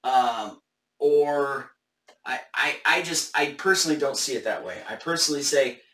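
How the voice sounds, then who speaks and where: A man's voice: mid-range voice, moderate pace, pushed and bright, echoey room, distant mic. A man hosting a casual Bible study discussion live on camera, thinking aloud with hesitant restarts.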